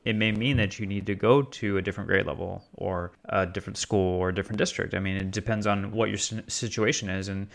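A man hosting a casual interview, measured and supportive. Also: on the low side, steady tone, vocal fry. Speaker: podcast host.

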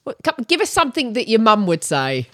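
Loud, fast-talking Essex woman. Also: a little high, very animated, dry recording. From East London. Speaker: podcast co-host. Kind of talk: casual chat.

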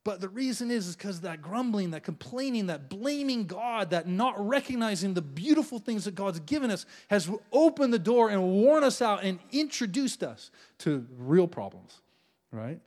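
A middle-aged male pastor preaches a sermon at normal speed in a notably high voice with wildly varying intonation. Playful and animated, he acts out the voices of people grumbling at God in their prayers, chuckling as he goes.

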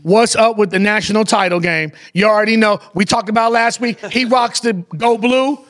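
A man co-hosting a casual sports panel show, animated and full of slang as he talks college football. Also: high voice, normal speed.

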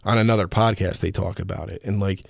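A man hosting his own podcast in casual chat, rambling and animated, with lots of fillers and the odd curse. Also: sits low, quick pace, vocal fry, no echo, clean studio sound. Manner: rambling, animated storyteller with frequent fillers and profanity. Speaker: podcast host.

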